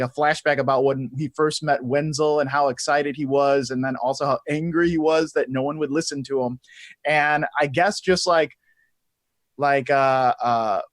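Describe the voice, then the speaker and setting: Slightly high-voiced man playing his character. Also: no echo, clean studio sound. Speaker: player. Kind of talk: in-character tabletop play.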